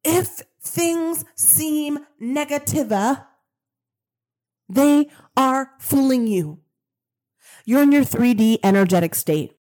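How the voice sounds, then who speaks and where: A woman's voice: high voice, slow pace, long pauses, a little mellow. A woman hosting a spiritual self-help podcast, talking emphatically in repeated affirmations and swearing casually. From Colombian-American. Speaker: podcast host. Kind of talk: motivational spiritual podcast monologue.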